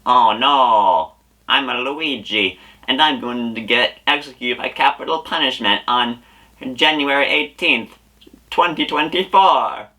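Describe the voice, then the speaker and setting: A man's voice: medium pitch, a little slow, pushed and bright, recorded from a distance, pitched above the performer's own voice, poor audio. A man voicing a timid, panicky cartoon plumber in a raised put-on voice.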